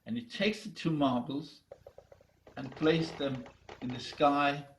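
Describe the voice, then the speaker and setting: A man telling a myth in an animated, dramatic way, with halting restarts, over a video call. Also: on the high side, noisy background. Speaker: storyteller. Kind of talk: myth storytelling.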